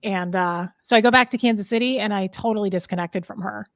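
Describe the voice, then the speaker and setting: A podcast guest in her thirties speaks quickly in a medium-pitched, slightly bright voice, captured in a dry, clean studio recording. During a casual interview she tells a personal story frankly and loosely, with many fillers and restarts.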